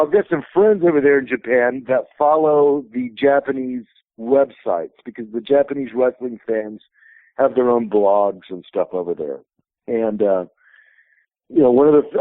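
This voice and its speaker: A man's voice: mid-range voice, dry recording. A man in his fifties, a wrestling promotion president, telling rambling stories as a guest in a phone interview. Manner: rambling anecdotal storyteller. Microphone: telephone. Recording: tinny phone line.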